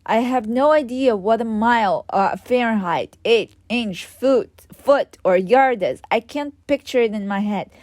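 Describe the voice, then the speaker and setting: A woman's voice: a little high, a little slow, hardly any pauses, a little mellow, dry recording, studio quality. A woman reading her own memoir aloud, with sarcastic, ranting asides to the reader. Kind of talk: audiobook narration.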